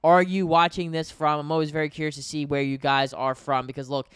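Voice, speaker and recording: A young man commentates a game live for his stream, a bit tired and yawning. His voice sits a little high and sounds smooth and clear. The recording is dry and close. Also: level tone, fairly quick, a bit bright, no echo. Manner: conversational, addresses viewers as guys. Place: home in New York.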